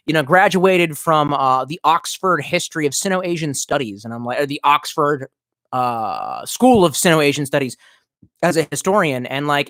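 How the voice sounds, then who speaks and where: A man's voice: fairly high pitch, fairly bright tone, no room sound. A man rambling through a casual live stream, swearing freely and reacting to viewer comments as he goes. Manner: profane, rambling, reacts to chat.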